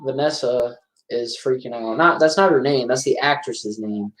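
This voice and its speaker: A man's voice: medium pitch, normal speed. Chatty man in an echoey room. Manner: chatty, excitable, rambling with restarts. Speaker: movie commentator. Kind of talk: casual movie commentary.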